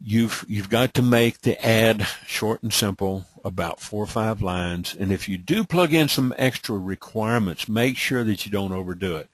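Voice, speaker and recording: A man's voice: lowish voice, moderate pace, hardly any pauses, no echo. A middle-aged man from Texas with a light Texas accent hosts a live training webinar, talking in a drawling, repetitive way and often asking "okay?". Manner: repetitive, drawling, many "okay?" check-ins. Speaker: webinar host.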